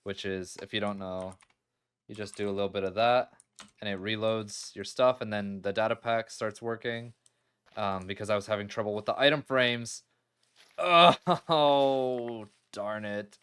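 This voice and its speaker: Smooth-voiced man narrating his gameplay. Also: fairly low pitch, steady tone, moderate pace, a bit bright. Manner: chatty, exclaims and laughs readily, talks straight to viewers. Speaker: gaming video creator. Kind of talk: casual let's-play commentary.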